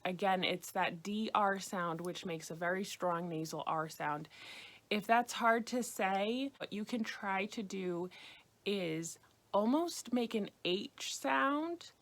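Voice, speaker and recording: A woman's voice: mid-range voice, fairly bright tone. American woman teaching a language lesson. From United States. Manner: patient, slow repetition of phrases. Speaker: French teacher.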